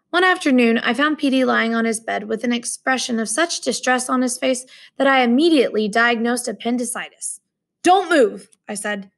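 Gravelly English teacher reading aloud. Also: female voice, fairly high pitch. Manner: casual, explanatory. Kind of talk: reading a story aloud and explaining it.

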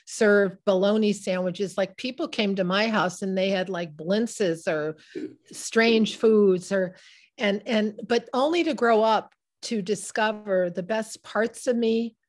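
Emotional woman in her sixties reminiscing. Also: medium pitch. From Midwest United States. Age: 60s. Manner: emotional, halting, with many restarts. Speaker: author being interviewed. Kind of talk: reflective personal storytelling.

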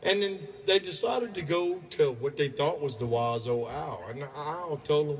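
A man's voice: a little high, expressive, moderate pace, few pauses. A man telling crude jokes at an outdoor party, drawling and laughing at his own punchlines. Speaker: joke teller. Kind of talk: crude stand-up joke telling. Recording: distant voice over chatty party crowd.

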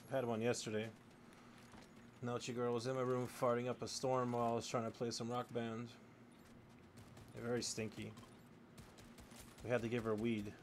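A man streaming a video game, chatting loosely with his viewers and swearing freely as he plays, in a room with faint background noise. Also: mid-range voice. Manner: rambling, profane, talking to chat while playing. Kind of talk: casual live-stream chat.

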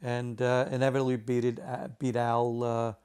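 A man, a video game artist telling a lively story in a casual interview, acting out the voices of the people in it. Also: medium pitch, normal speed, clean tone. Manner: animated anecdote telling with quoted voices.

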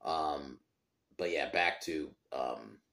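A man with an extremely low, deep voice talks casually through a film review, swearing freely and often losing his thread before restarting. The sound has a roomy echo around it, as if recorded in an open room. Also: very slow, creaky, a bit bright. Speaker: podcast host.

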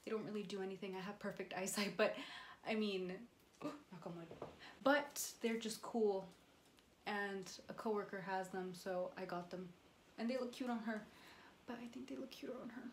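A young vlogger chats casually while teaching painting at home, rambling and filling pauses with lots of um and like. Her medium-pitched voice moves at a moderate pace, with a little hiss or hum, a roomy echo and music in the background.

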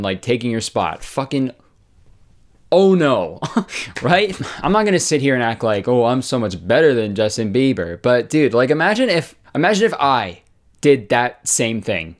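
A man's voice: medium pitch, big pitch swings, moderate pace. A young man giving sarcastic comedic commentary, ranting with swearing and exaggerated asides. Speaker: YouTube commentator.

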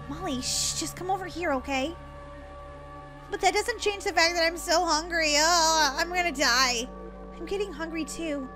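Very high-pitched excitable woman gamer. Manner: dramatic, squealing and gasping, quick swings from panic to jokes. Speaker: gamer playing as a character in a roleplay. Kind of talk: excitable game role-play chat.

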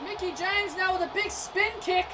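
A woman doing excitable play-by-play wrestling commentary over a video game, often shouting and tripping over her words. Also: extremely high pitch, normal speed. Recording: distant mic with noisy background.

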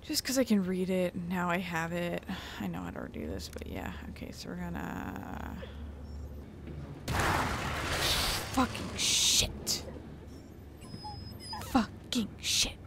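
A woman's voice: on the low side, huge pitch swings, fairly quick, gravelly, hardly any pauses, background noise. A woman hosting her gaming channel, chatting casually as she plays and sometimes swearing at the game. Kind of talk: let's play commentary.

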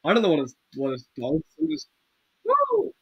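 A man giving excitable, swear-filled gameplay commentary as a video game YouTuber, breaking into yelling bursts. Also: a little high, fast talker, vocal fry, husky, no echo, muffled recording.

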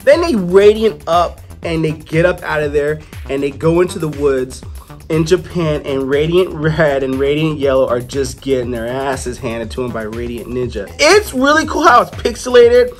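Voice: medium pitch, animated, moderate pace, faint music behind. A comic book reviewer in a casual, chatty style, retelling the story loosely with playful asides.

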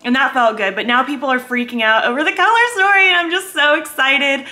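Vlogger, woman, high bright voice, excitable and giddy, chatting to camera at home. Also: a little fast. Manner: giddy, excitable, squealing and laughing often. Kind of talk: casual vlog chat. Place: at home, indoors.

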